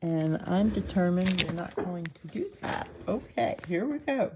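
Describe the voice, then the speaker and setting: A woman's voice: fairly low pitch, lively intonation, unhurried, dark tone, slight background noise. A woman from the Southern United States with a twangy accent, hosting casual live commentary. She chats along, laughs often and pokes fun at herself. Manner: chatty, laughs often, self-deprecating. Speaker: host.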